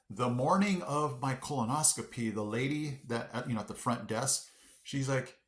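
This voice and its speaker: A man chatting casually to his viewers in a vlog, animated and talking straight to them. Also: mid-range voice, moderate pace. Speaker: vlogger. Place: Tennessee. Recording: echoey room.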